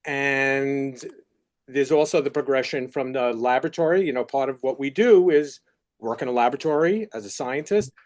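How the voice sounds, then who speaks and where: A man's voice: medium pitch, moderate pace. A man with a New York accent, a faculty researcher explaining career paths in a chatty, filler-heavy way on a university panel. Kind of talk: panel discussion.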